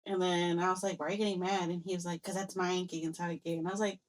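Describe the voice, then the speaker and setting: A young woman co-hosting a podcast, telling a personal story in a casual, animated way and acting out both sides of past conversations. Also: on the low side, fast. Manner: animated storyteller, acts out quoted exchanges, mixes in Spanish phrases. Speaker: podcast co-host.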